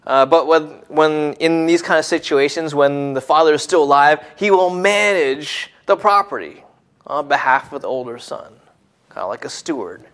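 A man preaching a sermon in an expressive way, dropping to hushed tones and then rising to emphatic points. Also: on the high side, moderate pace.

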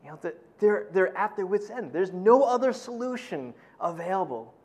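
A middle-aged man preaching a sermon in a conversational way, full of "you know", who acts out quotes in a loud, high voice. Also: lively intonation, normal speed. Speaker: pastor.

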